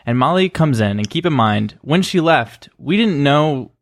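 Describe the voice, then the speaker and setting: A man guest on a casual chat podcast, telling an animated story and laughing as he goes. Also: on the high side, normal speed.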